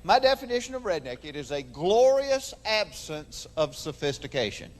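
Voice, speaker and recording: A man's voice: on the high side, very animated, normal speed, in a large hall. A man from Georgia with a Southern accent performing a folksy stand-up comedy routine on a theater stage. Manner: folksy storytelling with voices. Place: large theater stage before an audience.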